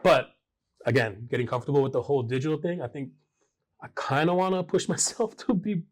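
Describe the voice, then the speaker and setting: A man from Hawaii, a fashion designer, chatting casually on a panel and telling animated stories with lots of fillers. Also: a little high, a little fast. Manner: animated storytelling, many fillers.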